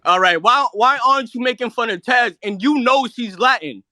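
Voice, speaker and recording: A man's voice: very high-pitched, expressive, moderate pace, pushed and bright, no echo. A man from the United States calling into a live audio room, arguing defensively with the host and talking over him. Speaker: caller. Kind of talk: heated call-in argument.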